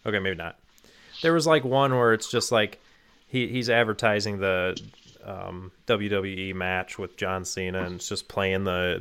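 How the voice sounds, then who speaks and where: A man chatting casually as a co-host, an animated storyteller. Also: lowish voice, moderate pace, clean tone. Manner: animated storyteller, acts out quotes. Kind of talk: casual chat.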